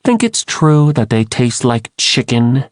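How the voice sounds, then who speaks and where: A man voicing a sarcastic, wisecracking teenage boy in an audiobook, raising his pitch a little. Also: big pitch swings, no echo, clean studio sound. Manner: joking, quick quips.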